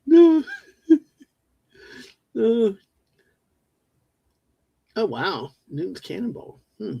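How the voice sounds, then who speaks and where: A man's voice: sits high, huge pitch swings, extremely slow, gravelly, slightly rough, no room sound, lo-fi sound. A man co-hosting a casual livestream, rambling and joking as he reads the chat aloud. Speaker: livestream co-host.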